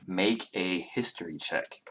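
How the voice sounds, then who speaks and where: A man narrating a tabletop game as game master, pausing often with fillers as he describes the scene. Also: deep voice, a bit bright, a little hiss or hum. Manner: halting, with many fillers.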